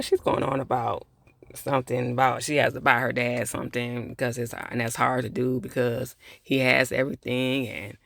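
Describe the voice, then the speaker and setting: Casting: man reviewing a TV episode, gravelly voice, loose rambling recap, dry close sound. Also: medium pitch, a bit bright, no room sound. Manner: rambling, full of fillers, laughs at the characters.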